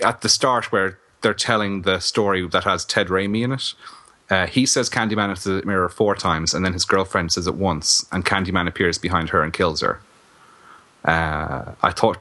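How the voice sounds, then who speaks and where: Low, bright-voiced man chatting films. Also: moderate pace. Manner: chatty and animated, laughs often. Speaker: podcast co-host. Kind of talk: casual film review chat.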